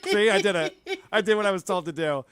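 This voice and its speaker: A man's voice: high-pitched, big pitch swings, a little fast, fairly bright tone, smooth, no echo, clean studio sound. A man, a podcast co-host on as a guest, chatting casually and laughing easily while he tells stories. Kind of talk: casual chat.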